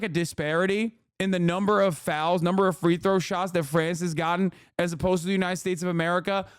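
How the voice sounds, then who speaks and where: A man's voice: high-pitched, clear, resonant tone, no echo, studio quality. A man streaming casual commentary, ranting profanely with mock patriotic bravado.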